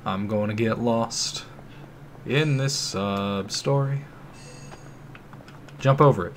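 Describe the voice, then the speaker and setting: A man's voice: on the low side, slow, pauses often, slight background noise. A man streaming a game, making jokey casual commentary. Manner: jokey, laughing asides.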